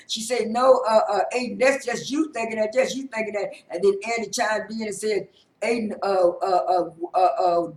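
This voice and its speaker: A man casually retelling a TV show episode in a rambling, halting way, full of repeated words and fillers. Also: high-pitched, fairly bright tone, echoey room, low-quality recording. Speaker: recapping a TV show.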